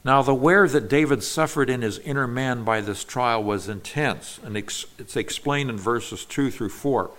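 A man's voice: medium pitch, moderate pace, hardly any pauses, fairly bright tone. A man giving an earnest expository Bible lesson, explaining verses patiently with small restarts. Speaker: Bible teacher.

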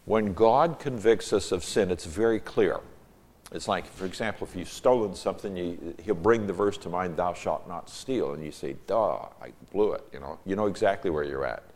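A man with a very low, deep voice teaches a Bible lesson. He reads scripture aloud, then works through the Hebrew words one by one, often stopping to restart a phrase. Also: a little fast, a little mellow.

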